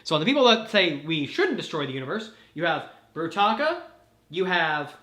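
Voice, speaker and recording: A man's voice: a little high, big pitch swings, moderate pace, pushed and bright. Rambling, profane man in an echoey room. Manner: rambling, profane, laughs often. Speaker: host. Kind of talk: casual lore recap.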